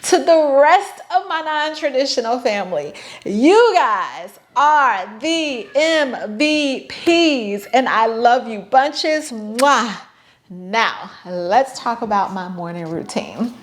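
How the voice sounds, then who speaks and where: A woman's voice: on the high side, animated, slow, slight background noise. A woman in her thirties talking casually to her viewers as a vlogger, chatty and playful with sarcastic asides. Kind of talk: casual talk to camera.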